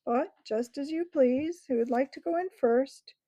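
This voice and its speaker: A woman's voice: high-pitched, a little slow, no room sound, voice pushed up. A woman voicing a scheming, jeering male ape who taunts and bullies the crowd of beasts in a storybook reading. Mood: menacing. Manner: sneering, taunting, shouting orders. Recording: dull lo-fi recording.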